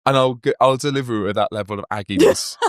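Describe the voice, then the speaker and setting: A man, hosting a casual podcast chat and telling animated stories with acted-out voices. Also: medium pitch, fast talker, no room sound, studio quality. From Wales. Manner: animated storytelling, acts out quoted voices. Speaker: podcast host.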